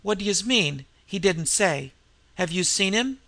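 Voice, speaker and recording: A man's voice: high voice, lively intonation, unhurried, bright, forceful tone, voice pushed up, full character voice. A man doing a tough-talking slum woman. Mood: pushy. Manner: street slang, dropped sounds, demanding.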